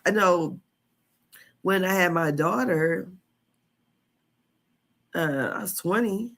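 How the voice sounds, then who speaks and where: A woman's voice: fairly low pitch, slow, a bit bright. A woman in her fifties hosting a casual live stream, chatty and candid, laughing often as she talks. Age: 50s. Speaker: podcast host.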